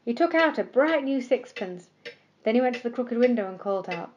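Gentle woman reading a bedtime story. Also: a little high, breathy edge, lo-fi sound. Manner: gentle, expressive, slowing for emphasis. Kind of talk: scripted bedtime story narration.

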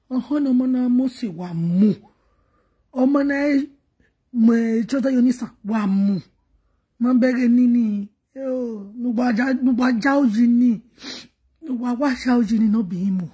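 A woman's voice: a little high, moderate pace, mellow, slightly rough. A woman with a Nigerian accent talking straight to her viewers, pleading and lamenting, repeating herself, often close to sobbing and dropping into whispers. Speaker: vlogger. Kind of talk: emotional monologue to viewers.

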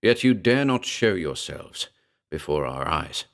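A man's voice: very deep voice, big pitch swings, measured pace, gravelly, full character voice. A man reading the part of a bitter, brooding writer who speaks in a tense, agitated way, in a horror audiobook.

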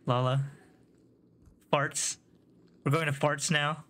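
His voice a little high and fairly bright, a man streams gameplay live, speaking slowly in a level tone. The chatter is casual and jokey, with frequent laughs, swearing and teasing of the chat.

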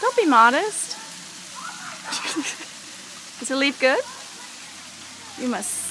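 A woman's voice: high-pitched, sing-song, slow, noisy background. A mother filming her small son in an outdoor garden, coaxing and teasing him in a playful way. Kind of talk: casual home video chat. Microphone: handheld camera mic.

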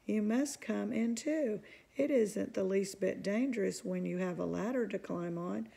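A woman's voice: medium pitch, unhurried, gravelly, warm tone, breathy edge. A woman doing an eager young boy.

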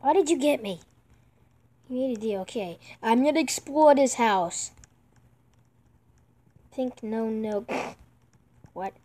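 Excitable gamer woman pleading at the screen. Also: fairly high pitch, slow, pauses often. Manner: yelps and pleads at the game, repeats herself. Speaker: gamer playing online with friends. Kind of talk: excitable let's-play commentary.

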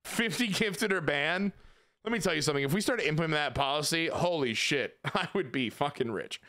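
A man's voice: a little high, animated, fairly quick, bright, forceful tone. A man streaming a game, chatting casually with his viewers, swearing and joking as he rambles. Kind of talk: casual live-stream chat.

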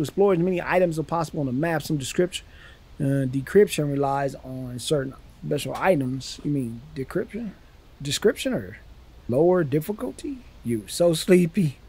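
A man's voice: on the high side, darkish tone, breathy edge. A man hosting a let's-play video, joking in slangy casual talk to his viewers and reading the game's text aloud as he plays. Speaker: gaming channel host.

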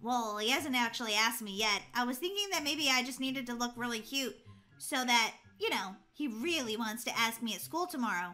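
A woman's voice: fairly high pitch, expressive, normal speed, background noise, voice pushed down, lightly acted. A woman voicing a bubbly, nervous teenage girl with a crush, who stammers and giggles as she talks. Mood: flustered. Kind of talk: voicing a role-play video.

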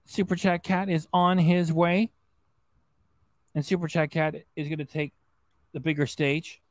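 A man's voice: a little high, no echo. A man hosting a livestream reaction show, reading viewer chats in a mocking, rambling way. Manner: mocking, rambling, repeats himself. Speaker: host.

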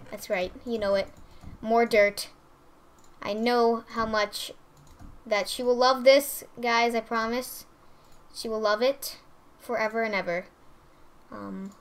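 A young woman hosting let's play commentary, gushing and excitable with frequent squeals and giggles. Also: on the high side, a little hiss or hum. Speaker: gaming channel host.

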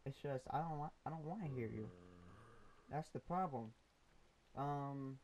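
A man's voice: mid-range voice, a little slow, a little mellow, muffled recording, slight background noise. Rambling young guy narrating his game. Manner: rambling, talks to mobs and viewers, many ums. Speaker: gaming YouTuber. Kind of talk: casual Minecraft let's play commentary.

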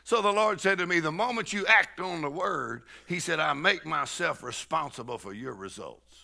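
Man, preacher, sermon, very gravelly, piercingly bright, folksy joking stories, laughing shouts to the crowd. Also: on the high side, expressive, moderate pace. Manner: laughs and shouts "woo", leads the crowd in rejoicing; folksy storytelling with jokes. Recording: live church sermon.

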